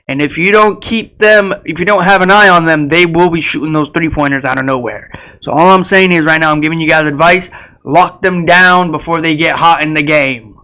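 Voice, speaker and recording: Bright-voiced young man rambling about basketball. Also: on the high side, low-quality recording. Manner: rambling, with fillers and repeated phrases; speaks directly to players and fans. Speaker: sports video creator. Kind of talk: casual sports prediction talk.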